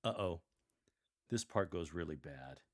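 Low-pitched male host, deliberate and emphatic coaching delivery with a playful streak. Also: lively intonation. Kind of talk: instructional podcast on scripture reading.

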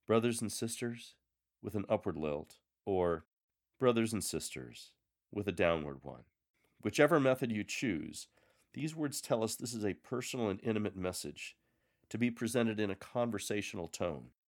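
A man giving calm, measured coaching on how to read scripture aloud in church. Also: low voice. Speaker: lector coach. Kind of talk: scripted instructional narration.

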